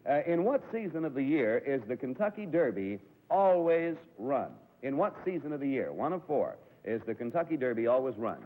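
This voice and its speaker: A man's voice: mid-range voice, sing-song. A man hosting a live radio quiz show, firing off questions and cracking jokes at the contestants. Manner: joking, quick wisecracks. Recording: tinny, hissy 1950s broadcast recording.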